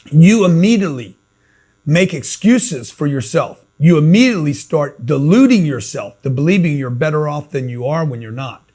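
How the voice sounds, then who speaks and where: A man's voice: fairly high pitch, darkish tone, breathy edge. A man giving a blunt, emphatic motivational talk in a street-style coaching manner. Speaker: motivational speaker.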